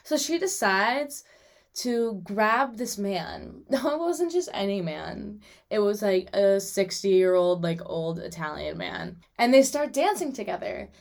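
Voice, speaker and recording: A young woman hosting her own podcast, chatting casually and animatedly about her weekends, with lots of "like" and quick asides. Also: medium pitch, lively intonation, creaky. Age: young adult. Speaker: podcast host. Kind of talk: casual solo podcast chat.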